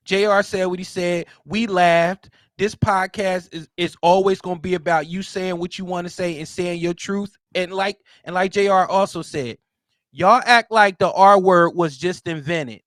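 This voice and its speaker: Man with a high voice, loud and blunt podcast guest, close dry mic. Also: normal speed, no room sound. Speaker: guest commentator. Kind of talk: heated podcast talk.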